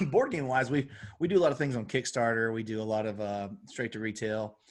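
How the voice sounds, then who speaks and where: A man in his thirties from Alabama with a Southern twang, an animated, self-deprecating guest chatting about games and whiskey. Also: mid-range voice, normal speed, a little hiss or hum. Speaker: guest, game designer. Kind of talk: casual chat.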